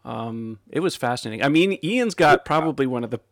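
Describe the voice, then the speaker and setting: A man from Canada in relaxed casual conversation, recounting trip anecdotes. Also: medium pitch, a little fast, dry recording, studio quality. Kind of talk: casual chat.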